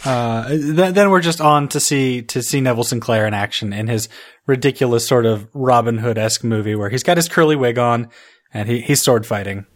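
A man's voice: medium pitch, a little fast. A man co-hosting a casual film podcast, joking and amused as he chats about the movie. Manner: amused, joking, laughs often. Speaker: podcast co-host. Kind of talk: casual film recap chat.

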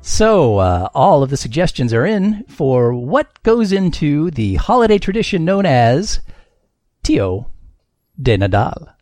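A man's voice: on the high side, sing-song, slow pace, a little mellow, no room sound, faint music behind. A man runs a comedy quiz game on a podcast, his voice swinging widely up and down as he reads scores and answers. His delivery is wry and self-mocking, and the recording is dry and close with no room sound. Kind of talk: casual podcast game hosting.

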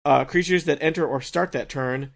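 Gravelly, hesitant man at the game table. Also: a little high, moderate pace. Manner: hesitant, thinking aloud with many ums. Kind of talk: casual tabletop game talk.

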